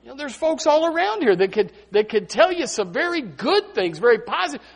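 Husky, lively-voiced preacher man. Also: very high-pitched, fairly quick. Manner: emphatic, repeats phrases, swings from hushed to loud. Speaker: pastor. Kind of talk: sermon. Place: church sanctuary.

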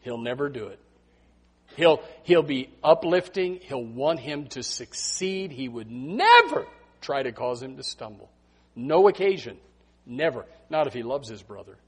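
A male pastor preaching a sermon in a church, emphatic and repetitive, swinging from hushed asides to loud exhortation. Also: mid-range voice, sing-song, a little slow, slightly rough. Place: church sanctuary.

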